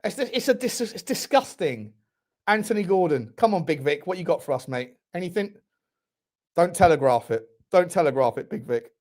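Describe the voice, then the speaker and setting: Swearing furiously at the referee, a young football fan channel host rants during a live watchalong. He speaks at a moderate pace in a voice on the high side, darkish in tone with lively intonation.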